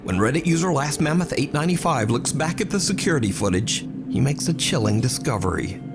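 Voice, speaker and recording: A man giving scripted narration for a countdown video, in a steady, measured storytelling voice. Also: fairly high pitch. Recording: narration over loud background music.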